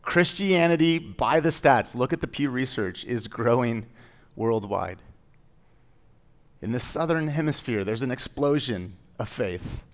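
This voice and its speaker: A man's voice: mid-range voice, animated, a little slow. A man pastor preaching a sermon in a conversational way, with joking asides that rise into emphatic declarations.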